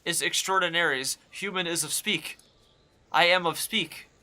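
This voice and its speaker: A man's voice: on the high side, normal speed, pushed and bright, a little hiss or hum. A man voicing a rioting talking cabbage that speaks in broken, chanting phrases. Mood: eager.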